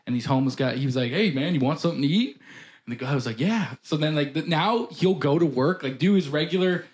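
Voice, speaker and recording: A man's voice: on the high side, lively intonation, quick pace. A man telling loose, rambling stories in a casual podcast chat, swearing often and laughing as he goes. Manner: laughing storyteller who acts out other people's voices. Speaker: podcast guest or co-host.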